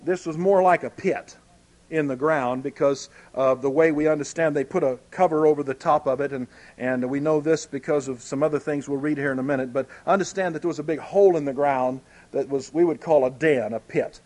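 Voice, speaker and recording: A man's voice: a little high, a little fast, a little mellow. A man preaching a sermon, explaining a Bible story in a folksy, conversational way.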